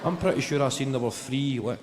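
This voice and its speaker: A Scottish man with a Glaswegian accent doing a stand-up routine, swearing freely and building stories to loud shouted punchlines. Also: medium pitch, fairly quick, heavy background noise. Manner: swearing, animated storytelling with rising shouts. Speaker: stand-up comedian. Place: theatre stage with audience laughter. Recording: long hall reverb, loud ambience.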